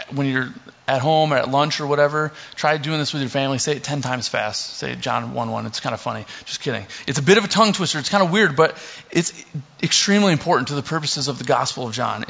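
Muffled, dull lo-fi sound carries a creaky, medium-pitched voice belonging to a young male pastor. Relaxed and full of fillers, he mixes scripture reading with joking asides in a casual sermon.

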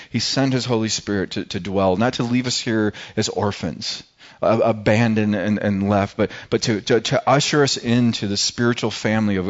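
A man's voice: on the low side, dull audio. A man preaching a sermon in a casual, conversational way, often restarting and repeating words. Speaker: pastor. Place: church service.

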